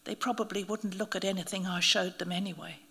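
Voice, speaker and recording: A frightened priest, a man who has just been bitten by a snake, murmuring weakly and growing fainter, as a woman narrator puts him on. His voice sits at an ordinary middle pitch, shaken and unsteady in an audiobook reading. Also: steady tone, brisk, vocal fry, bright, forceful tone, slightly rough, heavily acted.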